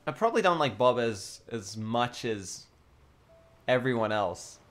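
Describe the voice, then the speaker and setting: A man's voice: mid-range voice, expressive, a little slow, fairly bright tone. A man with an Australian accent hosting a casual livestream chat with viewers, playful, giggly and teasing. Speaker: livestream host.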